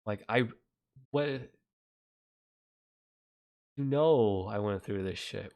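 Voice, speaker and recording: A man's voice: on the low side, unhurried, gravelly, darkish tone. A man ranting on a livestream, heated and profane, talking in a rambling way. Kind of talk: angry livestream rant.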